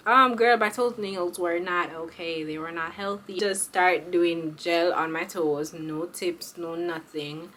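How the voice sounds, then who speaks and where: A woman's voice: fairly low pitch, fairly even intonation, measured pace, hardly any pauses, fairly bright tone. A young woman, chatting casually and with slang to her viewers in a beauty vlog. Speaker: beauty vlogger.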